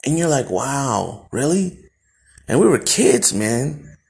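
A man's voice: fairly high pitch, very animated, moderate pace, gravelly, a little mellow. A man from El Salvador hosting a podcast, telling a personal story bluntly and with profanity, often restarting his sentences. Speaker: podcast host.

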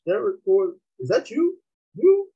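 A man putting on the voice of his old high school science teacher, a blunt man who asks teasing, incredulous questions. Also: wildly swooping pitch, normal speed, darkish tone, husky, recorded from a distance, highs cut off, heavily acted.

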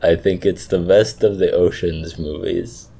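A man's voice: low-pitched, fairly even intonation, measured pace, vocal fry, warm tone, slightly rough. A man co-hosting a podcast in casual chat. He talks in a laid-back way and hesitates with fillers. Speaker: podcast co-host.

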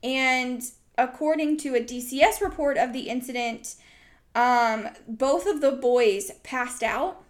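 On her podcast, a young adult woman rambles casually through a story, using lots of "like" and "um." Her voice is high and unhurried.

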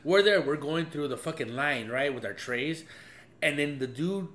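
A man's voice: on the high side, expressive, moderate pace, a bit bright. A man telling profane stories in a casual chat, laughing often. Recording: echoey room with faint hum.

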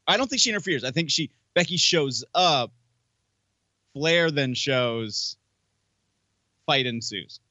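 A man from Northeast Pennsylvania co-hosting a casual podcast, talking in a measured way with fillers. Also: mid-range voice, animated, sharp tone, no room sound, highs cut off. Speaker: podcast co-host. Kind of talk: casual wrestling chat.

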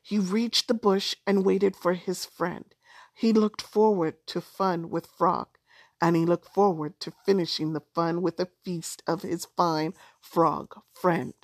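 Woman storyteller, gentle and unhurried, dry close sound. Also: lowish voice, steady tone, dry recording. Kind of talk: storytelling narration.

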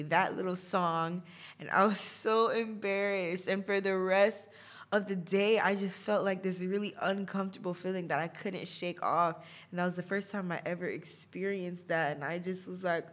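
This young woman has a mid-range, fairly bright voice and talks at a normal speed. Hosting her podcast, she chats her way through a personal anecdote, with frequent laughs and plenty of fillers.

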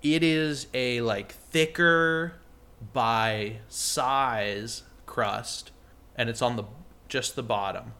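Playful bright-voiced male podcast host. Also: medium pitch, extremely slow, smooth. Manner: playful, jokey, bursts into mock shouting. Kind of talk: casual podcast banter.

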